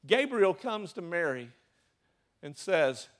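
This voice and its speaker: A man's voice: high voice, very animated, slow pace. A man with a Southern US accent preaching a sermon, throwing rhetorical questions to his congregation. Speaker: pastor.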